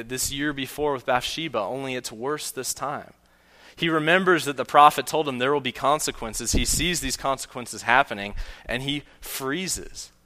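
Bright-voiced man preaching a sermon. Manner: earnest preaching, voice dropping low on key points. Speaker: pastor.

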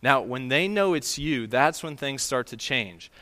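A middle-aged man preaches a sermon in an expressive pastoral voice. He moves briskly through asides, then lets key sentences sink into a quiet, emphatic close. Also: medium pitch.

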